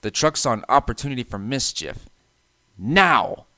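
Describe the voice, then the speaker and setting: A young man reads a railway storybook aloud in a soft, even voice. His pitch moves a lot even at low volume. The sound is dry and close. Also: unhurried, dry recording. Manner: soft and even, occasional restarts. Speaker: narrator. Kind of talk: storybook narration.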